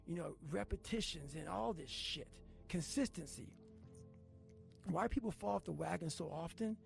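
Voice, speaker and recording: Gravelly, intense, profane motivational speaker. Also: male voice, fairly high pitch, darkish tone. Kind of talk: motivational speech. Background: motivational background music.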